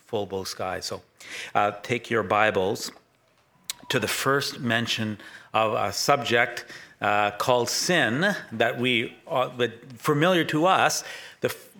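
A middle-aged male pastor delivering a sermon with a bright, forceful tone. He rambles and corrects himself mid-sentence, chatting with the congregation as he goes. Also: medium pitch. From Canada. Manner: rambling, self-correcting, conversational.

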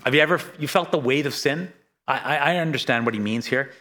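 A middle-aged man preaching a sermon, earnest and halting, often restarting his sentences. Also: medium pitch, bright, forceful tone. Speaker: pastor.

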